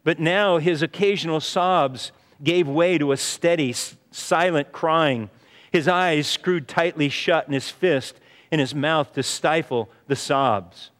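Slow, high-voiced preacher in a hall. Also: male voice, fairly bright tone. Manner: earnest storytelling, often says "you see". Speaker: pastor. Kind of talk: sermon. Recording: reverberant hall.

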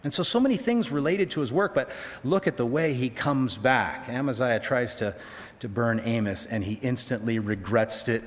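Guy preaching through scripture, chatty asides, middle pitch, echo trailing in a big hall. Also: lively intonation, normal speed. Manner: folksy, with casual asides to listeners. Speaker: Bible teacher. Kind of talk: conversational sermon.

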